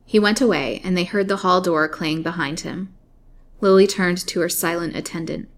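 A woman with a lowish voice reads a serialized melodrama aloud in a measured, dramatic way. Her storytelling is steady and deliberate, a classic read-aloud. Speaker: narrator. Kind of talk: storybook reading of a serialized novel.

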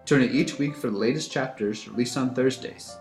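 A man's voice: mid-range voice, a little fast, darkish tone. A man reading a scripted outro announcement in a plain, informative manner. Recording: roomy with music underneath.

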